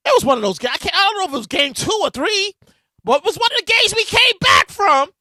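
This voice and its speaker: A man hosting his podcast, telling stories in a loud, animated casual monologue. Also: extremely high pitch, brisk, no echo, clean studio sound. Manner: animated, loud storytelling with bursts of shouting. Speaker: podcast host. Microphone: podcast mic with a soundboard.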